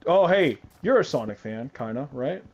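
A man's voice: mid-range voice, expressive, moderate pace, gravelly, lo-fi sound. A young man casually chatting while playing a game with a friend, rambling, repeating words and swearing lightly. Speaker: gamer co-player. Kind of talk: casual gaming chat.

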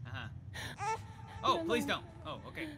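A young woman gaming YouTuber giving excitable, chatty let's play commentary. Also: fairly high pitch, measured pace, background noise. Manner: excitable, chatty, reacts out loud.

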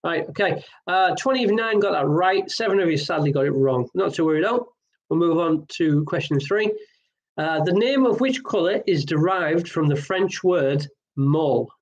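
A man's voice: fairly high pitch, lively intonation, moderate pace, lo-fi sound. A man hosting an online pub quiz, chatty and jokey with rambling asides. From Wales.

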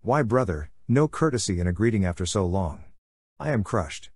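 A man voicing a scheming, silver-tongued male warlord in an audiobook, smooth and sarcastic with bursts of fury. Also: on the low side, lively intonation, fairly quick, a little mellow, no room sound, clean studio sound. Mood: mocking. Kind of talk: audiobook character voice.

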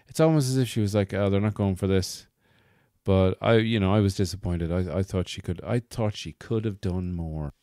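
A man's voice: fairly low pitch, warm tone, no room sound, clean studio sound. A man hosting a podcast, telling a comic story in a wry, rambling, self-mocking way. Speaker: podcast host. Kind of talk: comic monologue.

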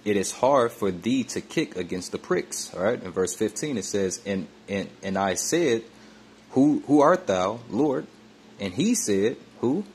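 A man teaching from scripture in a repetitive, halting way, tagging nearly every phrase with "man," "all right," "okay" or "you see," with many fillers and restarts. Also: lowish voice, expressive, a little mellow, slight background noise. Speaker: religious teacher.

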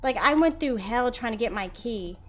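A young woman streaming a horror game, chatting with her viewers and reacting loudly. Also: fairly high pitch, lively intonation, normal speed. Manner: chatty, loud reactions, talks to chat. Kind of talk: live horror game commentary.

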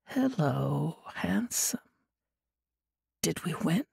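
A male narrator lifts his voice into a drowsy young witch, hurt and barely awake, her words coming in a soft half-whisper. The tone is raspy and breathy, a little higher than a plain speaking voice, and heard in a dry, close recording. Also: expressive, extremely slow, no room sound, exaggerated voice. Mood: sleepy. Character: weary, injured young woman, a witch. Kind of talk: audiobook character voice.

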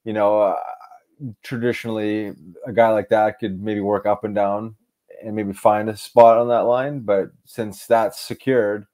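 A man's voice: fairly low pitch, level tone, unhurried, darkish tone. A man co-hosting a podcast in casual chat, laid-back and trailing off at the ends of thoughts. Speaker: podcast co-host.

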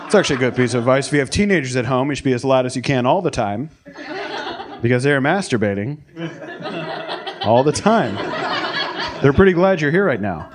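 A young American man doing a stand-up set, telling stories in a deadpan, self-deprecating way. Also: medium pitch, a little fast, long pauses. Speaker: stand-up comedian. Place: comedy club stage, live audience. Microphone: handheld stage mic. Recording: live club with loud crowd laughter.

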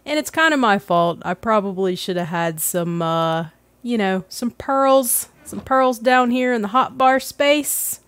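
A woman's voice: fairly high pitch, animated, a little slow, a bit bright, dry recording. A woman hosting a gaming let's play, chatting casually and self-deprecatingly as she plays, laughing often. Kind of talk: casual gameplay commentary.

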